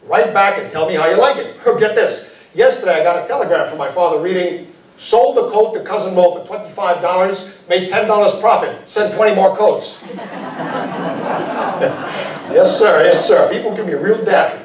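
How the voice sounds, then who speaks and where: A man crooning old-fashioned 1940s-style ballads and telling vaudeville jokes in a live show at a veterans home. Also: high voice. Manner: quick, punchy joke delivery with chuckles. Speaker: singer and stand-up comic. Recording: roomy live hall, mic at a distance, with band.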